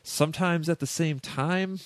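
A man from the Boston area hosting a podcast in casual, halting chat full of fillers. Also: on the high side, no room sound. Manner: chatty, halting, lots of fillers. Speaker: podcast host.

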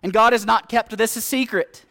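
High-voiced preacher telling a dramatic story. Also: male voice, steady tone, moderate pace, vocal fry. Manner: vivid second-person storytelling, swinging from urgent pleading to hushed gravity.

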